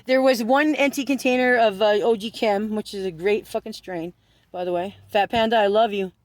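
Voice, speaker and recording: A man's voice: high voice, fairly even intonation, normal speed, no echo. A man telling a rambling, profane story, laughing through it and breaking into sarcastic asides. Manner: swears constantly, laughs through his story. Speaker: vlogger.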